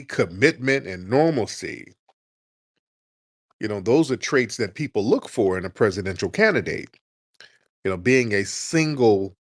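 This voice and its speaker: A man's voice: lowish voice, fairly bright tone, no room sound, studio quality. A man hosting a comedic commentary show, talking in a blunt, casual, mocking way and laughing often. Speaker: host.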